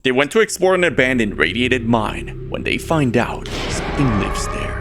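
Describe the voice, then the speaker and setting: A man giving scripted narration for a scary video countdown, in a steady, measured storytelling delivery. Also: mid-range voice. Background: loud background music.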